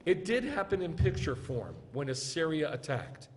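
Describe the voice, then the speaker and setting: A man's voice: on the high side, animated, normal speed. Man drilling a congregation in a reverberant hall. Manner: drilling call-and-response, urging listeners to answer aloud. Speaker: rabbi teaching a congregation. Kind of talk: interactive scripture lesson. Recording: long reverb of a large room.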